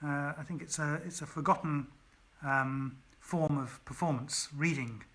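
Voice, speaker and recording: Man, author, home livestream, chatty, many ums, bright, slightly high voice. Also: steady tone, unhurried. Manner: chatty, many ums, thanks viewers by name. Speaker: author reading his own story. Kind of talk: reading aloud, then casual live Q&A. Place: at home during lockdown.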